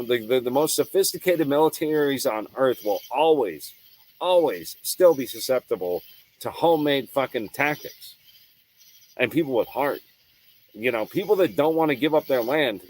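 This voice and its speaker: A man's voice: mid-range voice, poor audio. A man hosting his own show, giving a heated, profane, unscripted monologue with hard emphasis and frequent restarts. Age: adult. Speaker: show host.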